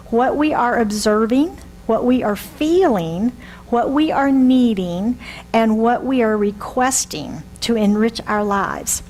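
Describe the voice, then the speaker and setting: A woman's voice: fairly high pitch, a little mellow, low-quality recording. A woman in her sixties giving a conversational sermon, often asking the congregation rhetorical questions. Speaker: reverend.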